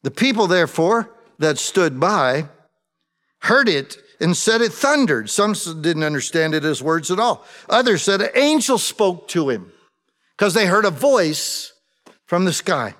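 A man's voice: high-pitched, sing-song, unhurried, a bit bright, big-room sound. A man preaching a sermon, addressing the congregation and acting out quoted prayers with feeling.

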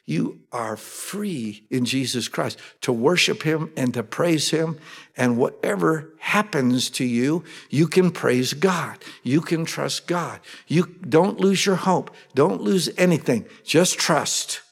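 A man preaching a sermon, reading and explaining scripture in a conversational way that swings from emphatic to hushed. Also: a little high, lively intonation, slow pace, creaky, breathy edge. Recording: long reverb of a large hall.

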